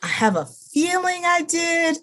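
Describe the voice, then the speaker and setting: A woman's voice: very high-pitched, big pitch swings, a bit bright. A woman co-hosting a casual book-chat podcast, chatty and emphatic in her opinions. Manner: emphatic, drawn-out complaints, chatty. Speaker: podcast co-host.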